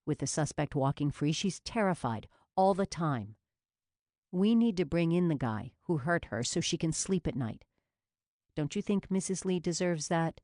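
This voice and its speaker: A woman reading an audiobook, voicing a patient male police officer who calmly talks a man down. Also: low voice, moderate pace, dry recording, clean studio sound. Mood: soothing. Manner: soothing, patient, persuasive.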